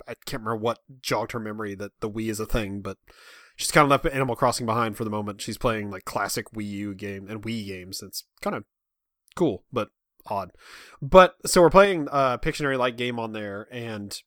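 A man's voice: on the low side, a bit bright, dry recording, studio quality. A man co-hosting a casual podcast, talking in a rambling, chatty way and laughing often. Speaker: podcast co-host. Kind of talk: casual chat.

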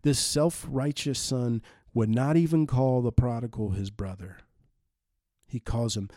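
A male pastor delivers a sermon in a mellow, relaxed voice at a middle pitch. He speaks earnestly and measuredly, slowing down to press home important lines. The sound is dry and close. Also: no room sound.

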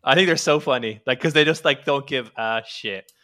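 Bright-voiced man chatting. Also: mid-range voice, normal speed. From Ireland. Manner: rambling, many fillers and restarts, laughs often. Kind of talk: casual podcast chat.

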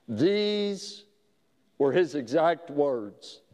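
Man, pastor, slow unhurried sermon storytelling, somewhat high voice, halting restarts, long hall echo. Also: big pitch swings, dark tone.

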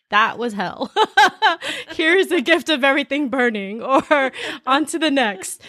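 A woman co-hosting a casual chat, bubbly and quick to laugh. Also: on the high side, fairly bright tone, dry recording, clean studio sound.

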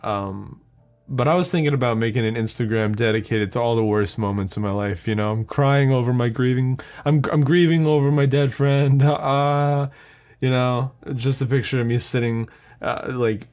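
A man's voice: medium pitch, steady tone, moderate pace, darkish tone. A young man hosting a solo podcast, rambling in a profane, offhand way and laughing at his own jokes. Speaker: podcast host. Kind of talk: casual solo podcast monologue.

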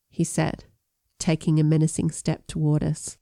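A woman reads a first-person audiobook with a somewhat low voice. Her narration is measured, and she gives the dialogue lively delivery. The sound is dry and close, with no room echo.

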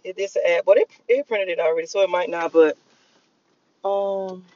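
A woman's voice: lowish voice, normal speed, highs cut off, background noise. A woman vlogging while driving home, talking to her viewers in a rambling, emotional, profane way with lots of fillers. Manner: emotional, profane, repetitive storytelling with many fillers. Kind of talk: casual rambling monologue.

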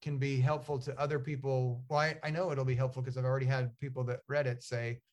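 A man's voice: medium pitch, level tone, fast talker, darkish tone. Rambling storytelling man, many fillers. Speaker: author and guest. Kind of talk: casual interview conversation.

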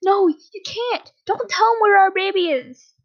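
A woman reading aloud, voicing a frightened young husband who cries and pleads frantically in a high, strained voice. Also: measured pace, highs cut off. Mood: desperate. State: crying.

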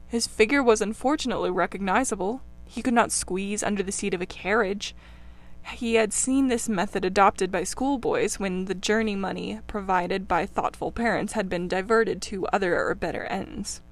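A woman narrating a classic children's novel in an expressive, dramatic reading. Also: medium pitch, normal speed. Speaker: audiobook narrator. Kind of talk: storybook narration.

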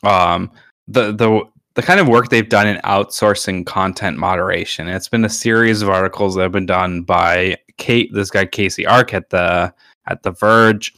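A deep male voice, pushed and bright, holds fairly even intonation at normal speed, captured at studio quality without room sound. The podcast co-host keeps things casual, rambling and dropping in lots of filler words.

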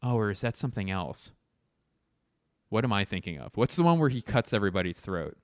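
A man's voice: fairly low pitch, animated, brisk, dry recording, studio quality. A man hosting a solo comedy podcast, rambling and swearing as he wanders around his home. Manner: rambling, profane, self-mocking. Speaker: podcast host. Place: indoors at home, walking around.

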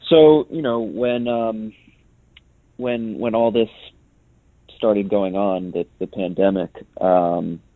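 A man's voice: lowish voice, fairly even intonation, takes it slowly, dry recording. A man from New York giving a casual interview as a guest, hesitant, with many ums and restarts. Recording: tinny phone line.

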